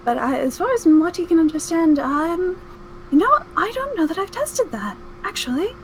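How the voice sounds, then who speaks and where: A woman's voice: very high voice, lively intonation, normal speed, slight background noise, poor audio. A woman playing a tabletop game, speaking in character with a flustered, stammering manner. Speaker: player. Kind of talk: in-character tabletop role-play.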